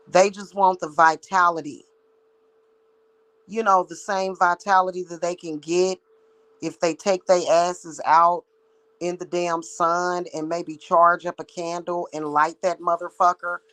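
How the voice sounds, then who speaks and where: A woman's voice: lowish voice, fairly bright tone, rough recording. A woman who works as a psychic reader, ranting to her viewers in a blunt, heated, profane monologue. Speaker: psychic reader and spiritual practitioner.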